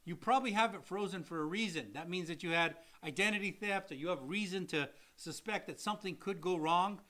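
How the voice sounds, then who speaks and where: A man in a casual live Q&A, explaining loans with a high, bright voice. He acts out little examples and repeats phrases for emphasis. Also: fairly quick. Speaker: mortgage loan officer co-hosting a live show.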